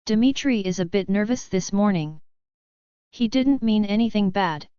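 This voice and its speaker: A woman voicing a gentle, soft-spoken young werewolf princess, in an audiobook. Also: mid-range voice, animated, normal speed, clear, resonant tone, no room sound, highs cut off, close to an everyday voice.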